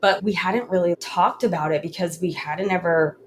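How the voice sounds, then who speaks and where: A woman in her thirties speaks in a slightly low voice, earnest and halting, often stopping to restart a sentence. She recounts her story candidly in conversation. A faint hum of room noise sits under her voice. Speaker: podcast guest.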